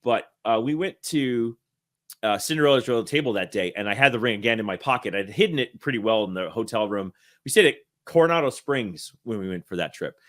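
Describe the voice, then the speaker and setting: A man's voice: fairly low pitch, expressive, a little fast, fairly bright tone. A man in his thirties, a guest in an interview, telling a long anecdote casually, correcting himself and laughing as he goes. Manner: rambling, self-correcting, laughs while telling. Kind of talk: casual storytelling.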